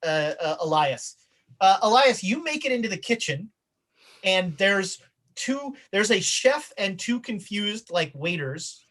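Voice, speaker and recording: Woman, game master, husky, lively pitch, chatty tabletop narration. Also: low-quality recording. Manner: loose and chatty, many fillers.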